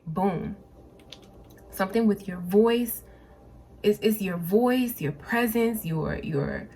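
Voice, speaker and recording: A woman doing a pick-a-card tarot reading in a mid-range voice. She talks casually and speaks straight to her viewers, often repeating and restarting her phrases. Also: mid-range voice. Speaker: tarot reader.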